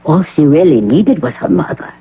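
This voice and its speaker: A formal, measured doctor. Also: male voice, a little high, animated, slightly rough, heavily acted. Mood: pleased. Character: formal, self-assured male hospital doctor. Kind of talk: 1980 radio drama acting. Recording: narrow phone-like radio broadcast.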